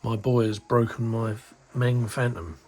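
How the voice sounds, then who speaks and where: At his hobby workbench indoors, a middle-aged man from the United Kingdom chats casually in a hobby video about his scale model kit, grumbling and exasperated and swearing under his breath. His voice is medium-pitched, level, a little slow, and slightly mellow.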